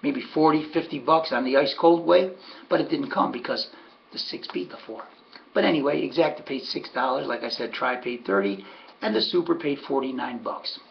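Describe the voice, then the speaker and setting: A man's voice: mid-range voice, lively intonation, normal speed, gravelly, highs cut off, a little hiss or hum. A man giving a casual, folksy recap of his race picks, sardonic and talking to himself about his bets. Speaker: harness racing handicapper.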